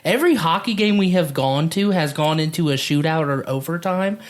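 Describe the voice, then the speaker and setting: A woman's voice: deep voice, expressive, fairly quick. A woman hosting a casual podcast chat, talking in a slangy, profane way. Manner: slangy, profane, keeps saying bro. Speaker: podcast host.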